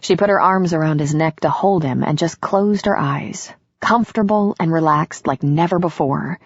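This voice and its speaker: A woman narrating a romance audiobook in a slow, intimate, even reading. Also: low-pitched, breathy edge, no room sound. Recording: dull lo-fi audiobook recording.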